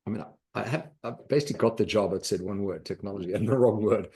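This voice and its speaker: Brief: middle-aged man, low voice, animated storyteller on a podcast. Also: quick pace. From South Africa. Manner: lively anecdotal storyteller, acts out quoted voices. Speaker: podcast guest, investor.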